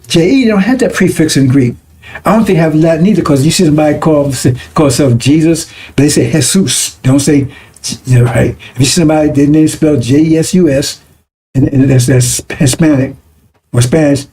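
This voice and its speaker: A man's voice: fairly high pitch, dark tone, a little hiss or hum. A man preaching a broadcast sermon in a conversational teaching manner, often stopping to check with listeners. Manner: conversational, repeats 'right?' and 'see?' to check listeners.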